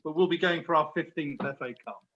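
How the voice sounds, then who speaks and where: A man's voice: fairly high pitch, brisk, lo-fi sound. A man from London, a guest on a soccer podcast, chatting in an upbeat way over a video call. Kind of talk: casual roundtable chat.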